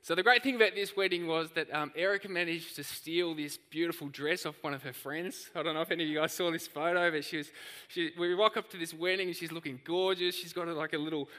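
A man preaching a sermon, telling stories in an animated, lively way. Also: a little high, quick pace, long reverb tail. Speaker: pastor.

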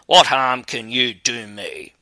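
A man voicing a gruff, stubborn cart driver in a fairy tale, in a grumbling manner. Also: medium pitch, slow pace, bright, forceful tone, dry recording. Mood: scornful.

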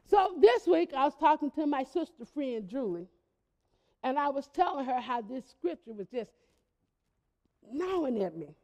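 A woman pastor preaching a sermon, telling stories in a conversational, lively way. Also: sits high, unhurried, pauses often, big-room sound. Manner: conversational storytelling with lively emphasis.

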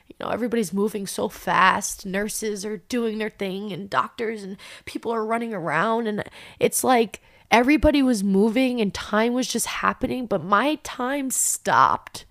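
A young woman telling a personal story in an emotional, intense way, her voice climbing when she gets upset. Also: mid-range voice.

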